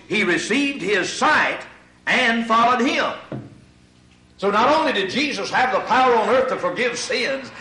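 Preacher echoing through a hall. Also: male voice, high-pitched. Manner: builds to shouted emphasis, addresses crowd as ladies and gentlemen. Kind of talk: sermon. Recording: echoey hall, far from mic.

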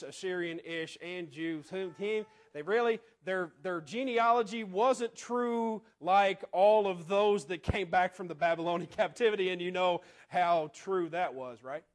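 A man preaching a sermon in a conversational way, asking the congregation rhetorical questions and often dropping to quiet asides. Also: high voice, unhurried.

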